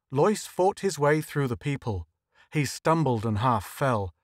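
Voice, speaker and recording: A man reading a story aloud at a steady, measured pace, his voice at an ordinary middle pitch. The recording is close and dry, with no room sound. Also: dry recording. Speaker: audiobook narrator. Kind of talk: scripted narration.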